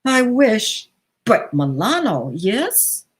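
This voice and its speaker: A glamorous, showy young model with a heavy accent, voiced by a woman reader, speaks with a lifted, pointed tone. She talks from a fairly low, even base voice, pushing it up for the part. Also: very slow, exaggerated voice. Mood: defensive. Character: glamorous foreign fashion model woman, boastful.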